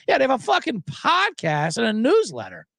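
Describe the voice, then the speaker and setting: Animated high-voiced man ranting. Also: moderate pace, vocal fry, dry recording, studio quality. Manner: animated, swearing, acts out voices in quotes. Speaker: sports betting podcast host. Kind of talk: ranting casual monologue.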